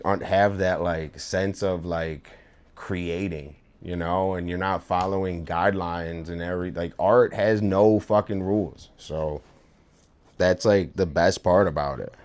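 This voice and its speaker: Slow, low-voiced young man rambling. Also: steady tone, darkish tone. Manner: rambling storytelling with frequent fillers and swearing. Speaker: streamer and artist. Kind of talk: casual chat while drawing. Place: home room.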